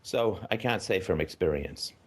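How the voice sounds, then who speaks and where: A man's voice: low voice, lively intonation, normal speed, breathy edge. A man hosting a call-in show, giving a caller blunt, profane advice in an emphatic, lecturing way and often asking "right?".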